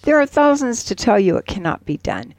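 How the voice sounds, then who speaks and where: A woman's voice: mid-range voice, a little fast, no echo. A woman co-hosting a casual radio show, reading an ad and reciting a poem expressively. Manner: expressive, sing-song reading. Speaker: radio co-host.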